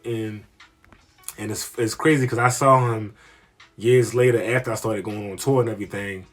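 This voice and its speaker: A comedian telling a story in a rambling, profane, slang-heavy way. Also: male voice, on the low side, fairly even intonation, normal speed, fairly bright tone, faint music behind. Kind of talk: casual storytelling monologue.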